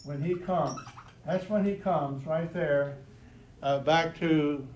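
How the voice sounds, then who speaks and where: A man's voice: on the high side, slow pace, darkish tone, a little hiss or hum. A man teaching a Bible lesson to a church class. He often repeats words and restarts, and says he has always stuttered. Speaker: Sunday school teacher. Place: church classroom before a group.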